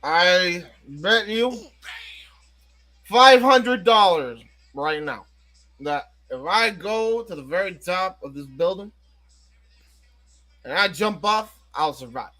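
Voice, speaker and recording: A man voicing a rowdy drunk man bragging at a bar, with loud, slurred bragging. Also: high voice, animated, slow pace, pauses often, faint music behind, full character voice. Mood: boastful.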